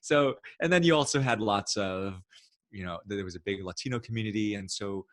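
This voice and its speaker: A man from New City, a guest in an interview, talking in a reflective, halting way with frequent restarts. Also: fairly low pitch, fairly bright tone, no room sound, clean studio sound. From New York City. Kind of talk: casual interview talk.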